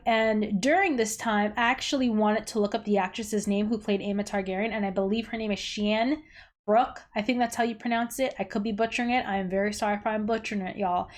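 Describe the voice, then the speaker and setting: A woman hosting a reaction video, blunt and animated, swearing freely and exclaiming as she chats. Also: a little high. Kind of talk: casual reaction commentary.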